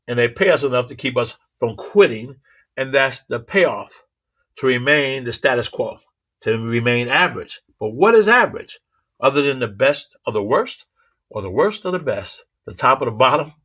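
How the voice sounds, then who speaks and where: A motivational speaker with a medium-pitched voice tells animated stories, adding sound effects and rhythmic, preacherly repetition.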